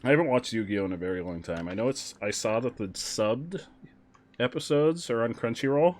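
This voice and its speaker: A young adult man streaming a game, chatting casually with sudden excited outbursts. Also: mid-range voice, normal speed. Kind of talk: casual gameplay commentary.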